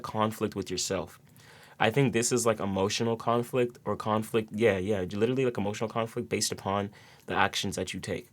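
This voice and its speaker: A man giving a casual tarot reading to his viewers, rambling with repeated words and many fillers. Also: lowish voice. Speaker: tarot reader.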